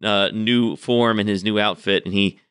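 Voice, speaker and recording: A man running a tabletop game as game master, narrating with a wry, relaxed manner. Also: on the low side, normal speed, smooth, dry recording, studio quality.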